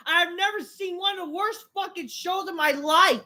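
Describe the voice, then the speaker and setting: A woman hosting a wrestling review, ranting angrily with constant swearing and bursts of shouting. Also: very high-pitched, normal speed. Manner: angry, swearing, repeating insults.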